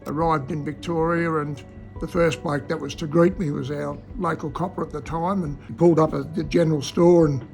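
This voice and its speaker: A man's voice: fairly high pitch, fairly even intonation, brisk, gravelly, darkish tone, faint music behind. An older man with an Australian accent, telling cheeky local anecdotes in a laconic, chuckling way. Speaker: local storyteller. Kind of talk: casual yarn-telling.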